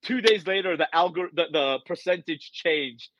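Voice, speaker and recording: A man's voice: on the high side, moderate pace, no echo, lo-fi sound. A man telling a story in a casual podcast conversation, acting out the quoted lines as he goes. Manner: animated storyteller, acts out quoted dialogue. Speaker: guest, author.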